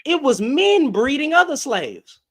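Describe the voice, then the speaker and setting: Animated, ranting male commentator. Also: very high-pitched, measured pace. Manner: heated, slangy, loud bursts and laughs. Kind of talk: casual reaction rant.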